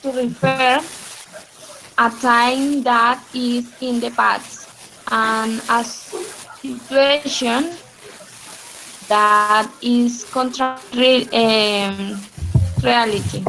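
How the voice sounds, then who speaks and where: Woman reading aloud very slowly, haltingly. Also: fairly high pitch, steady tone, vocal fry, bright, forceful tone, rough recording. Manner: halting, careful reading with restarts. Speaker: student. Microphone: computer mic on a video call. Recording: faint background noise on a call.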